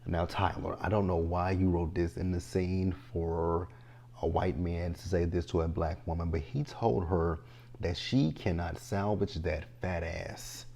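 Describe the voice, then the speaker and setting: A young man giving a casual, animated recap of a TV episode, talking straight to the characters in exasperation. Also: low-pitched, creaky, husky. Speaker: TV show reviewer.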